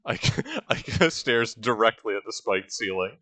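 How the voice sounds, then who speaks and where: A man's voice: lowish voice, sing-song, measured pace, pushed and bright, dry recording. Sardonic man riffing over a game. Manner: sardonic, jokey and rambling. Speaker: let's-play host. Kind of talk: casual gameplay commentary.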